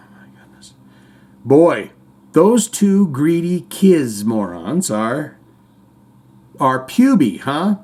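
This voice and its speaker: A man's voice: fairly high pitch, a little mellow. A man hosting a casual livestream podcast, reading viewer comments aloud in a rambling, joking way with the odd swear.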